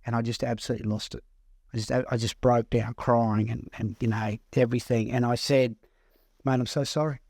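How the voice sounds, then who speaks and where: An Australian man working as a counsellor, telling a personal story in an earnest, halting way that repeats words as he goes. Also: medium pitch, flat delivery, gravelly, a little mellow, husky, no room sound, studio quality. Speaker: counsellor and mentor. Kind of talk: personal story told to camera.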